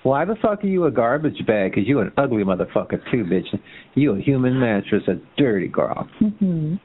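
A man's voice: sing-song, normal speed, husky. A man calling into a chat line, trading insults and taunts in a heated argument. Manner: taunting, mocking, swinging into a shrill sneer. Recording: tinny phone line.

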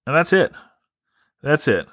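A man's voice: a little high, sing-song, measured pace, a bit bright, no echo. Guy ranting on his comedy podcast, swears a lot, keeps restarting, dry close mic. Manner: rambling, profane, restarts a lot. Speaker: podcast host. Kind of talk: casual comedic rant.

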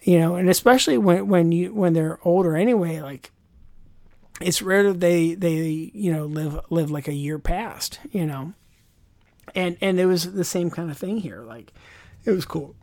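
A woman talking casually on a podcast, with a slightly low voice. She rambles and wanders through her points, with lots of asides and filler words. The sound is dry and close, with no room around it. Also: moderate pace, darkish tone, no room sound. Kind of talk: casual chat.

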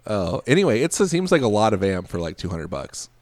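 Low voiced guy chatting on a podcast, laid back, dry close mic. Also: brisk, dry recording. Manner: relaxed, laughs easily, trails off. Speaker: podcast co-host. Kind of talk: casual chat.

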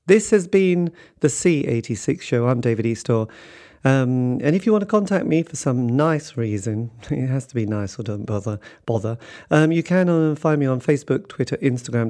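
A man's voice: medium pitch, animated, normal speed, dark tone. A man hosting a podcast, signing off with dry jokes. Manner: dry, joking. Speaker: podcast host. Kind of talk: podcast outro.

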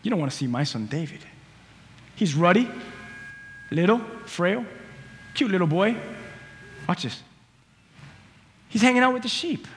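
A man's voice: high voice, animated, a little slow, pauses often, fairly bright tone, a little hiss or hum, pitched below the performer's own voice, heavily acted. A man voicing a reluctant old father who mutters dismissively about his youngest son. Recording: long hall reverb.

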